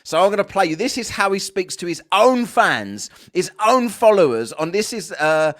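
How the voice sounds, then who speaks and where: A man's voice: sits high, expressive, moderate pace, fairly bright tone. A man reacting to clips, swearing and mocking. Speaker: podcast host. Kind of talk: reaction commentary.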